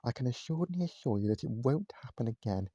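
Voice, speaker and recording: A man's voice: mid-range voice, expressive, quick pace, dark tone, dry recording, lo-fi sound, close to an everyday voice. A man voicing a pompous, very formal male restaurant manager in a storybook reading, stiff and over-polite. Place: at home, indoors.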